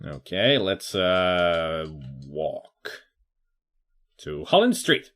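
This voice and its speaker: A man's voice: sits low, big pitch swings, drawn-out words, a bit bright. A man playing a video game on his own, reading its text aloud and musing about what to do next. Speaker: let's player. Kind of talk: casual game commentary.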